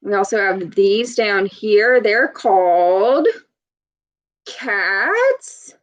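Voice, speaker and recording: A woman reading a picture book aloud to children, patiently asking them questions as she teaches. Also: fairly high pitch. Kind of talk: storybook read-aloud with teaching.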